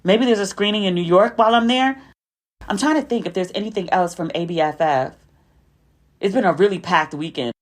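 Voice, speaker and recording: A woman hosts her own podcast and recaps a weekend in a loose, conversational way. Her pitch sits in the middle for a woman's voice. She talks in an animated way and turns to her listeners with asides as she goes. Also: brisk. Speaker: podcast host. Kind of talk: casual storytelling recap.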